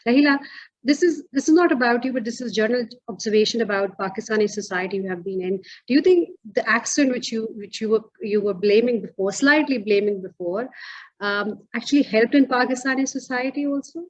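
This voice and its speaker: A woman's voice: fairly high pitch, a little fast. A woman interviewer asking long, winding questions with frequent restarts. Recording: dull lo-fi sound.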